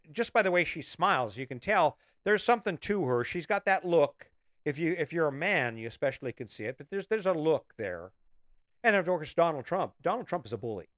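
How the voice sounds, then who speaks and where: A middle-aged man talks bluntly and swears freely as he hosts a fired-up motivational monologue. His voice sits a little high for a man. The recording is dry and close, with no room sound. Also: a bit bright, no echo. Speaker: podcast host.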